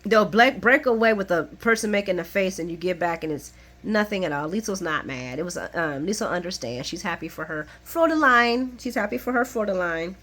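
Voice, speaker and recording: A woman giving a chatty, casual recap of soap episodes, laughing often and swinging from low muttered asides to high excited exclamations. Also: fairly quick. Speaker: soap opera recap vlogger.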